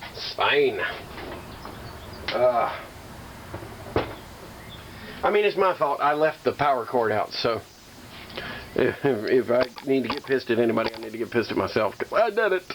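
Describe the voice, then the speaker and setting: A man vlogging while restoring a slot machine, chatty and self-deprecating, talking to viewers and repeating calming phrases to keep himself from getting mad. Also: mid-range voice, background noise. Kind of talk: casual workshop vlog.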